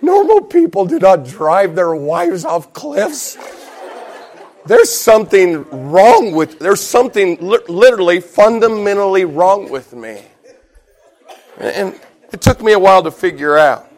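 His voice sits high and moves a little slowly as this middle-aged pastor preaches. He animates a personal story, laughing and shouting while he retells it, and builds to emphatic lines repeated with mounting intensity.

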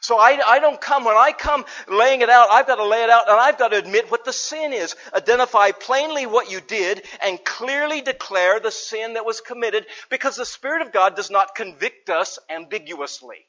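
A man preaching a sermon, earnest, dropping to soft asides and rising to loud emphasis, sometimes acting out sheepish little examples. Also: very high-pitched, normal speed, hardly any pauses. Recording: dull lo-fi sermon recording.

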